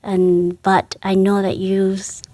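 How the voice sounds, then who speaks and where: A woman's voice: mid-range voice, monotone, dark tone, no echo. Earnest woman, religious sister guest. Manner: earnest, halting, emotional recollection. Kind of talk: interview conversation.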